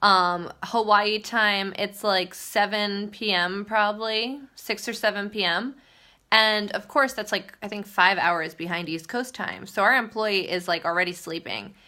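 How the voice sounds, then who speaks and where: A young woman chatting casually to her viewers on a livestream, telling a story in a loose, rambling way. Her voice is bright and clear, and her pitch sits in the middle. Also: measured pace. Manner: chatty, storytelling with many likes. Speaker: vlogger.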